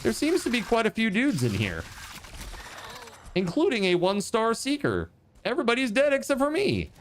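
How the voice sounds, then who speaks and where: A man giving casual, excitable commentary while streaming a survival game. He swears freely, yelps in alarm and breaks into laughter. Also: very high voice, a little hiss or hum. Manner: retells chats in quick put-on voices.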